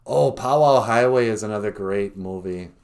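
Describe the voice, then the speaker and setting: A podcast host and cartoonist from northern Minnesota speaks at normal speed in a fairly low, creaky, somewhat mellow voice. Hosting a casual livestream, he rambles, fills his speech with fillers and cracks self-deprecating jokes.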